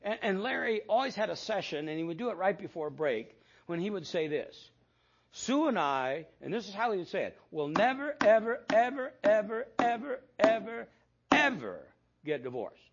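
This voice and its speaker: A man's voice: sits high, expressive, brisk, dull audio. An older man preaching a sermon as pastor, telling stories with quoted dialogue and self-deprecating asides.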